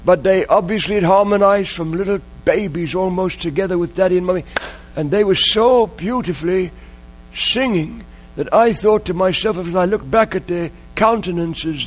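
A man preaching a sermon, telling a story in an emotional way and repeating key phrases. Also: sits high. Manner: emotional, repetitive, dwells on phrases.

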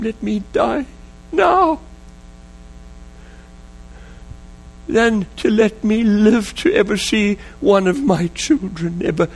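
A man's voice: high voice, darkish tone, breathy edge, full character voice, rough recording. A man voicing a grown preacher father who weeps and begs God in anguished, repeated prayers.

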